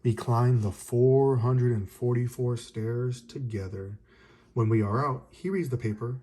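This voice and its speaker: A man reads a picture book aloud to a child, gentle and expressive. His pace is slow and unhurried, and the tone is mellow and dark. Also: medium pitch. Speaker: storybook reader.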